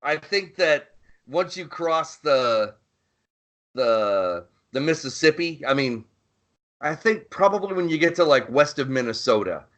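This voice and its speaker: A man's voice: on the high side, lively intonation, a little slow, fairly bright tone. A man co-hosting a podcast in casual chat, rambling and profane, often searching for his words. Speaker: podcast co-host.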